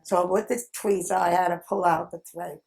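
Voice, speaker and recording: A woman in her nineties telling old work stories in an interview, lively and full of laughter. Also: lowish voice, normal speed, vocal fry, a little hiss or hum. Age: 90s. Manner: animated, acts out quoted people, frequent laughs. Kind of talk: reminiscing storytelling.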